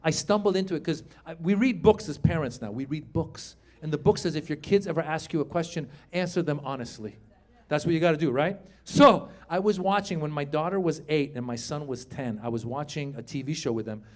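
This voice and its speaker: A middle-aged man doing a stand-up comedy set on a theater stage, telling animated stories, acting out voices and chatting with the crowd. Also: fairly high pitch, brisk. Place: theater stage before a live audience. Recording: live room with audience laughter.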